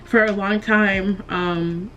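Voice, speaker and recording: A woman's voice: medium pitch, fairly even intonation, slow pace, fairly bright tone, dull audio, soft background music. A young woman chatting casually while doing her makeup, emotional and close to tears, sighing and laughing nervously. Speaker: beauty vlogger. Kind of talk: casual get-ready-with-me chat.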